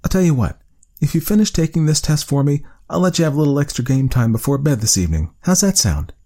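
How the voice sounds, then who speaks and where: A man voicing a female research doctor who speaks softly and sweetly to a child. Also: a little high, expressive, quick pace, voice pushed up. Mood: soothing. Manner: soft, coaxing and friendly.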